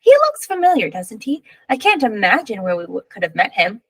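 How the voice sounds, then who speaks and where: A woman reads as a prim, fretful pioneer mother, proper and anxious about riffraff. The voice has a gravelly edge in a storybook read-aloud. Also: on the high side, huge pitch swings, fairly quick, heavily acted.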